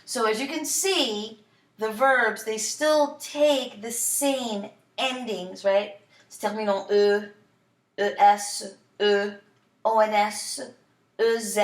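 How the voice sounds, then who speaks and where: Woman teaching French in an echoey room. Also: a little high. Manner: switches between French and English, repeats words slowly; encouraging, asks questions and answers them. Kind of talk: classroom lesson.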